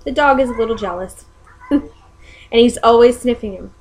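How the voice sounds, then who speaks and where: A woman's voice: on the high side, moderate pace, slight background noise, low-quality recording. A young woman and mother, chatting casually at home in a rambling way with many ums. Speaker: mother and vlogger. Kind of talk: casual chat.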